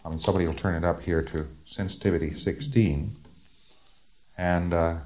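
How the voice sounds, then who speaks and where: A man's voice: sits low, fairly even intonation, normal speed, darkish tone, lo-fi sound. A man giving a conversational, emphatic lecture with asides and rhetorical questions. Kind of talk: recorded lecture.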